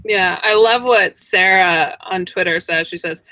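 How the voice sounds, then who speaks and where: A woman's voice: lowish voice, a little slow, hardly any pauses, bright, forceful tone, no echo. A woman co-hosting a casual online hangout over a video call, chatty and full of filler words. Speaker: co-host.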